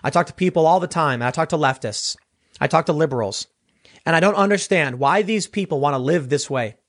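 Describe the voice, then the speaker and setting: A man doing solo political commentary, animated and rambling, often restarting his sentences. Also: fairly high pitch, fairly quick.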